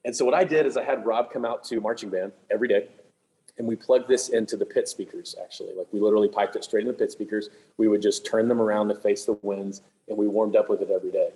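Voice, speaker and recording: A man leading a clinic for music teachers, talking in a quick, chatty, joking way with lots of fillers and restarts. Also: fairly low pitch, steady tone, dark tone, rough recording. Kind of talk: casual clinic presentation. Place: room with attendees present, also on video call.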